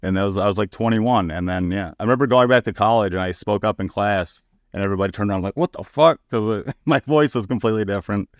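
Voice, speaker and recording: Candid, foul-mouthed man with a smooth low voice. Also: fast, few pauses, dry recording. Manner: candid, profane, acting out quoted people. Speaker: comedian guest. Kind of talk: casual podcast storytelling.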